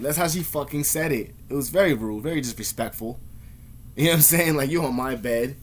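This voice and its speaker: A man's voice: medium pitch, a little fast, slight background noise. A man vlogging in a rambling, profane monologue, laughing as he goes and mimicking other people's voices while he tells stories. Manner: profane, laughs often, imitates others mid-story.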